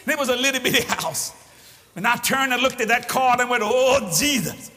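An older man preaching a sermon, fervent and folksy, often shouting as he tells stories. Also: extremely high pitch, a little fast. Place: large church hall with congregation. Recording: echoey live hall recording with crowd and noise.

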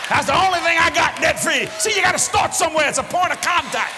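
An older man preaching a sermon, fervent and folksy, often shouting as he tells stories. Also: extremely high pitch, lively intonation, quick pace, over loud music. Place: large church hall with congregation. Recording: echoey live hall recording with crowd and noise.

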